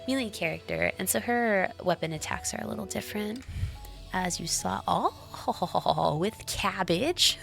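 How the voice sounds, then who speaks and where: A woman's voice: medium pitch, expressive, a little slow, creaky, faint music behind. A young woman streaming a video game, chatting casually and giggling with her viewers. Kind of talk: casual live-stream chat while gaming.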